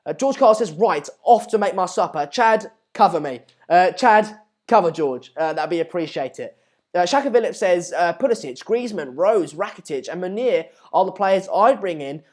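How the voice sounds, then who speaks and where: A man hosting a live football watchalong, chatting casually and reading out viewer comments. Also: high voice. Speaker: live stream host.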